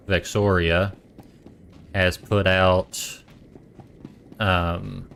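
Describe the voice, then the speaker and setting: A man's voice: low voice, a bit bright, slight background noise. A man with a Boston accent chatting casually on a stream, rambling and correcting himself as he goes. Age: adult parent.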